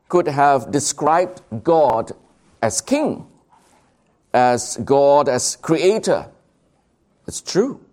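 A man preaching a sermon, slow and emphatic, drawing out key words. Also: a little high, darkish tone.

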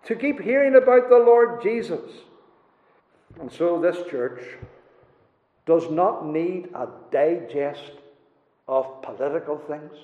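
A man's voice: a little high, expressive, slow pace, long pauses. A man preaching a sermon, building emphasis with repeated rhetorical questions. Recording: roomy hall, dull lo-fi sound.

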